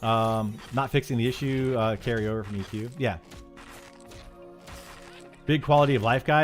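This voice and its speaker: Guy streaming, answering chat, bouncy up and down voice, blunt opinions, lots of restarts, quiet music behind. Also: medium pitch. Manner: frank and opinionated, reads chat aloud then answers; restarts and stammers when heated. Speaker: game streamer.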